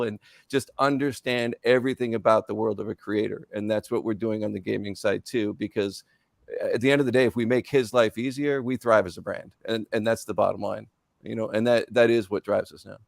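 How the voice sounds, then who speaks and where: A man's voice: mid-range voice, fairly even intonation, brisk, gravelly, dry recording, clean studio sound. A man speaking as a company executive on a webinar panel over a video call, earnest and repeating words for emphasis.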